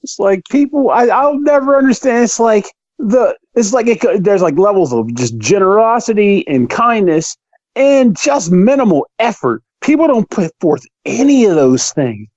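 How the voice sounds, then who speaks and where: Man, podcast host, lively ranting voice, acts out quotes, dull dry recording. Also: high-pitched, normal speed, dry recording. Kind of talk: casual chat.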